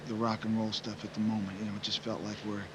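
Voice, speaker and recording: A man's voice: lowish voice, flat delivery, quick pace, background noise. A man in his forties, a musician, giving rambling, reflective interview answers full of "you know" fillers.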